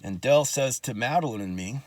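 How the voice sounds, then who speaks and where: A man's voice: mid-range voice, lively intonation, normal speed, a little mellow, no echo. A man telling his own life story in casual talk, blunt and profane, with angry asides.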